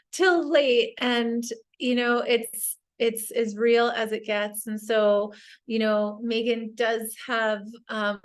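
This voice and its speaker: Higher-voiced woman hosting a video call. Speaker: host. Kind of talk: casual chat on a video call.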